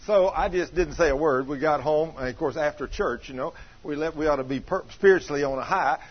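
Folksy preacher guy telling stories in a sermon, husky voice, kinda muffled recording. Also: on the high side, brisk. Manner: folksy, with plain country grammar and laughter. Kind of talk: sermon with storytelling.

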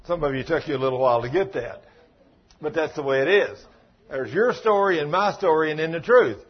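A man's voice: fairly high pitch, lively intonation, brisk, breathy edge, highs cut off. A man preaching a sermon in a folksy, emphatic way, telling stories and acting out the dialogue. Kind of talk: sermon with storytelling.

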